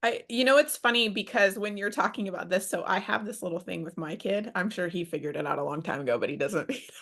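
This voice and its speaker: A woman's voice: mid-range voice, fast, gravelly. A woman in her forties hosting a podcast, chatting casually and acting out quoted dialogue. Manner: expressive, acts out quoted dialogue. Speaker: podcast host. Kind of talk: casual conversation.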